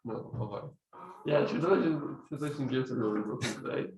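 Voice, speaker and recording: A man's voice: mid-range voice, fairly quick. A man, a student in the class, giving brief, tentative answers to the teacher's questions. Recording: echoey room, background noise, from far off.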